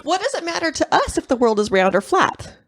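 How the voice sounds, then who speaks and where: A woman's voice: high-pitched, very animated, fairly quick, very noisy. A woman co-hosting a casual podcast, asking curious questions and making jokes. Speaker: podcast co-host.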